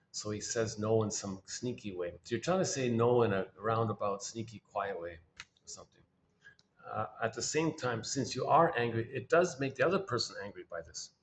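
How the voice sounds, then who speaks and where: Man, low voice, casual musing commentary, restarts phrases, faint hiss behind. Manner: musing, restarts phrases, acts out quoted people. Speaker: host of a quotes channel.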